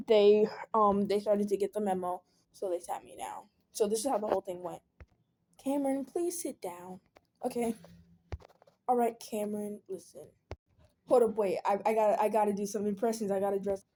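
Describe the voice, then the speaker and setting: A woman's voice: mid-range voice, darkish tone, a little hiss or hum. A teenage girl telling a personal story in a casual storytime vlog. She rambles, fills her talk with "like" and "um", and acts out the people she quotes.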